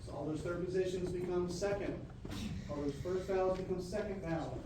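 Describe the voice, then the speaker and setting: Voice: medium pitch, a little fast. Band director coaching in an echoey room. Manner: sings rhythms on syllables, counts off the band. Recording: very echoey room, mic far off, loud noise.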